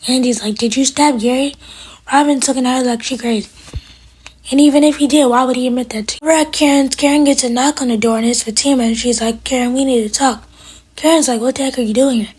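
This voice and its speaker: Fast-talking breathy woman recapping a show. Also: high voice, steady tone, darkish tone. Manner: retells scenes by quoting characters with "he's like"; adds her own sassy asides. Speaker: TV episode reviewer. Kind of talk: casual episode recap.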